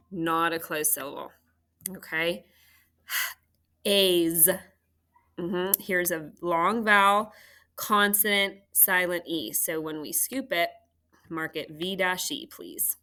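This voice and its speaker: A woman's voice: fairly low pitch, a little slow, sharp tone. A woman teaching a third grade phonics lesson, patiently sounding out words for students at home.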